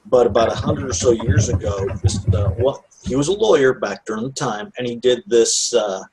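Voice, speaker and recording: A man's voice: mid-range voice, moderate pace, noisy background. A man co-hosting a podcast in casual chat, with teasing asides to the listeners. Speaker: podcast co-host.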